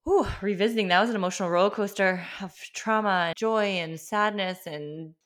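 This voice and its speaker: A woman, hosting a podcast and telling a personal story in an animated, chatty way. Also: medium pitch, moderate pace. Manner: animated, chatty, lots of fillers. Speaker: podcast host.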